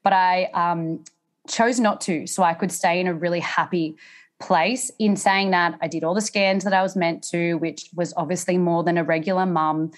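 A woman's voice: lowish voice, normal speed. An Australian woman, a podcast guest, candidly telling her story and acting out what others said. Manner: animated, acts out quotes in raised voice.

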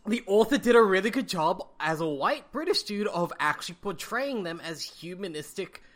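A bright, sharp-toned speaker co-hosting a casual podcast, with mid-range pitch. A teacher by day, they make their points with emphatic, pleading asides. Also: expressive, normal speed. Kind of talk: casual book-club chat.

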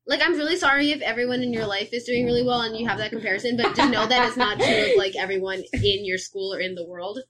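Young woman, podcast co-host, higher voice, quick chatty delivery. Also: animated, a loud crowd. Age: young adult. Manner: chatty, laughs often, trails off softly. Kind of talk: casual chat.

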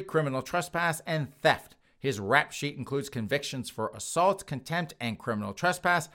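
An animated man hosts a comedy podcast, reading news items and riffing on them. His voice swings widely in pitch, and he keeps calling to his listeners and laughing through his remarks. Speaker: podcast host.

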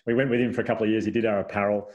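The recording is muffled, and the man's lowish voice races along very fast. He's a thirty-something podcast guest telling anecdotes casually, an animated storyteller who laughs often, restarts sentences repeatedly and pads them with "like."

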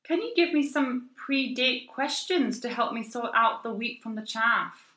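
A woman's voice: fairly high pitch, expressive, measured pace, bright, forceful tone. A woman voicing a Scottish woman reading out her own letter, with a put-on Scottish accent that sounds melodic and lilting. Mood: earnest. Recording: roomy echo.

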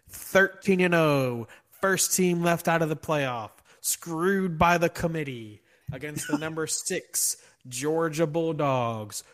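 A man's voice: fairly high pitch, fairly bright tone. A man co-hosting a casual sports podcast, joking and hyped as he runs through the matchups. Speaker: podcast co-host.

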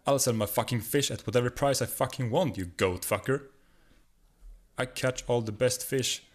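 A man's voice: mid-range voice, moderate pace, pitched above the performer's own voice, close to an everyday voice. A man with a Swedish accent voicing a cranky old Viking fisherman who swears defiantly. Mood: angry. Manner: swearing, defiant shouting in dialogue.

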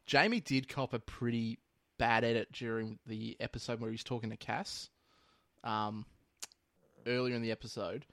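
An Australian man riffing bluntly with his co-hosts in a casual podcast chat. His voice sits at a mid pitch and sounds dry and close. He jokes and swears freely. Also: fairly even intonation, normal speed, fairly bright tone, dry recording. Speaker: podcast co-host.

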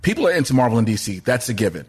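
A man on a movie news panel giving emphatic, animated opinions. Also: mid-range voice, racing, husky. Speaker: co-host panelist. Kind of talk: casual movie news chat.

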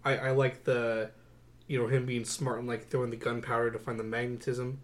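A young man co-hosting a podcast, chatting casually about movies with a wry, sarcastic, animated delivery. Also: medium pitch, a little fast. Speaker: podcast co-host. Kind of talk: casual movie-review chat.

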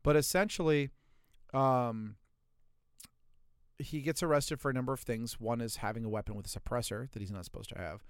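Smooth-voiced Southern US man joking around. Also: medium pitch, no echo, clean studio sound. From US Deep South. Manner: profane, storytelling, quick joking asides. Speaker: podcast co-host. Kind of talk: casual podcast banter.

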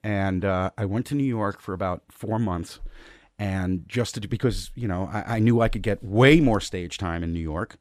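Low guy rambling thru his story, laughs at himself, dry garage sound. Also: moderate pace, dry recording. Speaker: comedian guest. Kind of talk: casual interview conversation. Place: host's garage studio.

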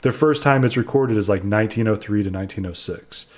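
A man's voice: lowish voice, fast. A young man co-hosting a casual chat, giving an opinionated game review and explaining at length. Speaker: co-host reviewing a video game.

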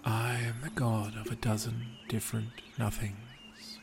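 A man voicing a humble, sorrowful god of small things, speaking quietly and mournfully. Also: mid-range voice, little pitch movement, unhurried, creaky, music in the background. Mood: tender. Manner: quiet, shivering, mournful speech.

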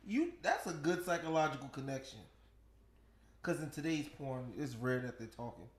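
A man in casual podcast chat, speaking in a measured, reflective way. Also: mid-range voice, lively intonation, roomy sound.

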